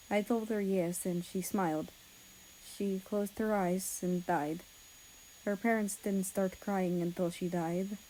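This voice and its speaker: A woman reading the part of a grieving young male nurse, speaking softly and haltingly. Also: mid-range voice, slight background noise, close to an everyday voice, rough recording. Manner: soft, hushed, halting.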